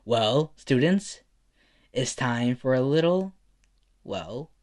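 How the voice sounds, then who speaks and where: A man voicing a cheerful grown male hero who proclaims loudly. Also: mid-range voice, lively intonation, slow. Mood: booming. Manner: loud, proclaiming.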